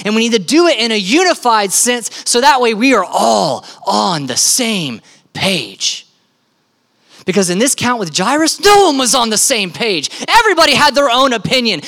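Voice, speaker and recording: A young man preaching a sermon in an animated, joking style, laughing often. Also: high voice. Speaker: pastor. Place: church stage.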